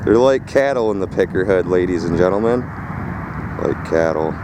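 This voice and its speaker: A man with a somewhat low voice narrates his own phone video outdoors, loose and profane, calling out to viewers as folks and boys. He sometimes sounds winded from hauling heavy junk. Faint outdoor noise sits under the recording. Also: expressive, moderate pace. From Michigan. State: out of breath while hauling. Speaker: scrapping vlogger. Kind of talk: casual vlog narration. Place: outdoors at a rural property.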